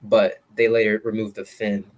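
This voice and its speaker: A man's voice: fairly low pitch, level tone. A male podcast guest in casual chat, an eager fan who keeps agreeing. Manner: enthusiastic fan, quick agreeing interjections.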